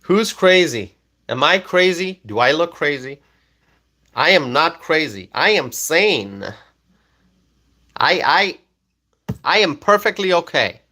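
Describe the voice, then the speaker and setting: A man's voice: on the high side, expressive, takes it slowly, long pauses, sharp tone, slight background noise. A man originally from Bangladesh hosting a live stream, reading viewer comments aloud and answering them with repeated questions and laughter. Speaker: livestream host reading chat.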